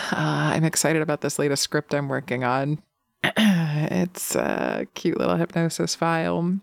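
A woman who makes hypnosis audio, chatting casually to her listeners in a soft, giggly, affectionate morning voice. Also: lowish voice, creaky, no room sound.

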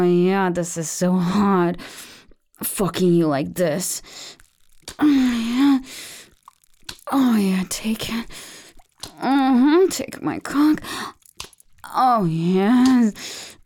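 Slow, breathy woman in a whispered role-play. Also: lowish voice, darkish tone. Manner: breathy, teasing and commanding, many moans and murmurs. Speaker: audio role-play performer.

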